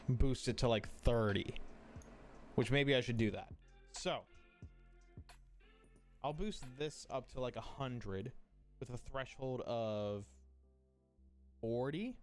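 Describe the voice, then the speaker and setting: A man streaming live in casual chat, thinking aloud as he works, swearing offhandedly and apologizing often, into a streaming mic. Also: mid-range voice. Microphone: streaming mic through an audio mixer.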